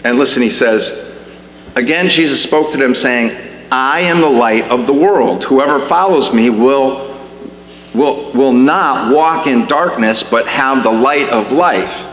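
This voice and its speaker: A man's voice: medium pitch, unhurried, a bit bright. A man preaching a sermon in a church, conversational and rising to emphatic questions, with frequent restarts. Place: church sanctuary. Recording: echoey hall with faint hum.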